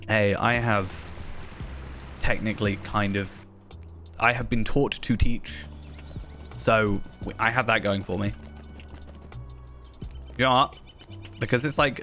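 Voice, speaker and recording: A man's voice: fairly low pitch, a bit bright. A man chatting in a rambling, self-deprecating way while streaming a game. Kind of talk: casual gaming commentary. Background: faint game music.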